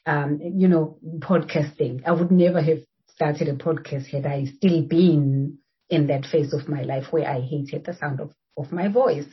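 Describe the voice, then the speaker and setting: A woman's voice: low voice, unhurried, breathy edge, lo-fi sound. A South African woman hosting a podcast, chatting casually and laughing often. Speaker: podcast host. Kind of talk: casual chat.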